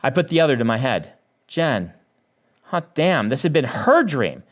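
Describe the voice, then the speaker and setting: Animated man reading his own novel. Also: medium pitch, moderate pace. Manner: animated reading that lifts the voice for dialogue. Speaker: author.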